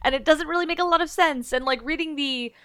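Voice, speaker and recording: A woman's voice: high voice, fast talker, a bit bright, dry recording, studio quality. A woman co-hosting a casual movie chat, rambling and self-deprecating as she runs through upcoming films. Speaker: podcast co-host.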